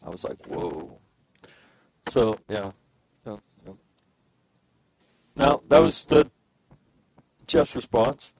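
A man's voice: on the low side, takes it slowly, vocal fry, long pauses, darkish tone, breathy edge, poor audio. A man telling a war story in a casual chat, swearing freely and acting out the dialogue.

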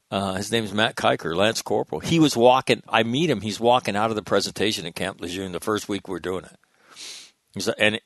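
Blunt, deep-voiced middle-aged man. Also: no echo, studio quality. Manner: emphatic, blunt and profane. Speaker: guest, Marine veteran speaker. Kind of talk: candid storytelling interview.

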